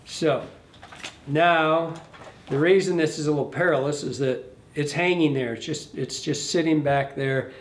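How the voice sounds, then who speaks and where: Man, fly tying instructor, loose rambling delivery, pitched a bit high, roomy echo. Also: unhurried, slight background noise. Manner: rambling, self-correcting, talks to the fly as he works. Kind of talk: casual hands-on tutorial. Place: fly shop tying bench.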